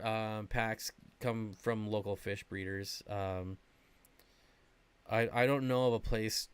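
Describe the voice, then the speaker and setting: A man's voice: medium pitch, a bit bright, clear, resonant tone, dry recording. Casual chatty man on a livestream. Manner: rambling, chatty, reading and answering chat. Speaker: aquarium channel host.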